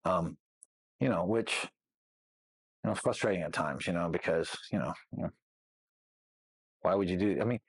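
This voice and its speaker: A man's voice: low voice, normal speed, long pauses, husky, dry recording. A middle-aged man speaking as an interview guest, telling his story candidly and rambling with lots of "you know what I mean" asides.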